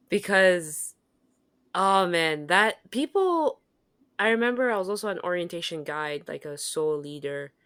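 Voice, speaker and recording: A woman's voice: sits low, smooth, no room sound, clean studio sound. A young woman co-hosting a podcast, casually telling stories and acting out the voices of people in them. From Kenya or Zambia. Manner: animated storytelling, acts out quoted exchanges. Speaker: podcast co-host. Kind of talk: casual chat.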